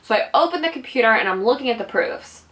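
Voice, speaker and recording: Her voice runs on the high side, animated and a bit bright, moving at a quick pace. She's a vlogger recounting a personal story in a rambling, casual manner full of "like" and "you know," recorded slightly away from the microphone.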